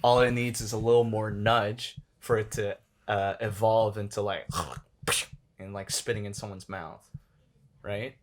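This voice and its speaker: A man's voice: lowish voice, little pitch movement, measured pace. A young man hosting a casual podcast chat, rambling, swearing a lot and laughing often. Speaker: podcast host.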